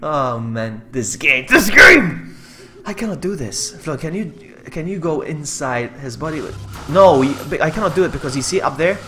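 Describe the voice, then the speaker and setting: A man streaming a game live, commentating casually, laughing often and yelling when the game beats him. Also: fairly high pitch, normal speed. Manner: excitable, laughs often, yells in frustration. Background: game music.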